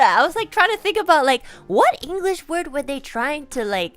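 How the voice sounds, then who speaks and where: A woman streamer telling a story in a rambling, animated way, full of "like" and laughter, with Japanese phrases mixed in. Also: high voice, a little fast. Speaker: virtual streamer. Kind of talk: casual storytelling chat.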